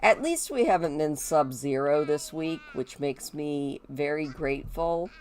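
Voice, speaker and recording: Stuffy-nosed woman, slow and low-voiced, chatty life-sim commentary. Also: lively intonation, darkish tone. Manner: chatty, talks to game characters. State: stuffy nose. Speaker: gameplay video host. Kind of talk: casual gameplay commentary.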